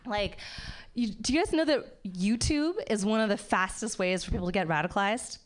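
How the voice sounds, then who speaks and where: A woman doing a stand-up set on a comedy club stage, wry, with animated mock outrage. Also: mid-range voice, normal speed.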